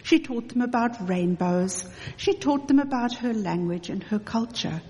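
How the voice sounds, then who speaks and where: A woman calmly summing up a children's story. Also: fairly high pitch, unhurried. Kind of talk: reflective commentary after a reading. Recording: echoey hall reverb.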